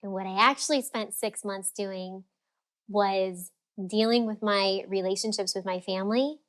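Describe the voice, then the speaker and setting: A woman coach chatting as a podcast guest, mid-pitched and expressive. She talks with energy and slips into little acted voices when she quotes people. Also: unhurried. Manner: animated, acts out quoted voices. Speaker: freedom and fulfillment coach, guest. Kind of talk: casual podcast interview.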